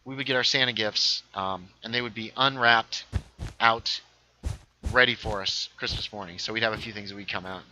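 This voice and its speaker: A man's voice: on the low side, fairly even intonation, normal speed, sharp tone, slight background noise, poor audio. A man casually chatting on a gaming livestream, rambling through stories and reading chat aloud. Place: home setup, playing a game.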